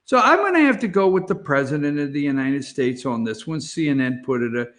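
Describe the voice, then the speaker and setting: A man's voice: on the high side, expressive, fairly quick, fairly bright tone. A man hosting an opinionated morning talk show from an office, blunt and sarcastic, chuckling between self-mocking asides to the camera. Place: office studio. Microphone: facing a camera.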